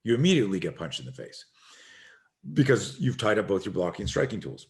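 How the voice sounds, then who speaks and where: A middle-aged man, a self-defense instructor, telling an animated story as a podcast guest and acting out the voices of the people in it. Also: fairly low pitch, quick pace. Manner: acts out quoted voices, swearing, emphatic.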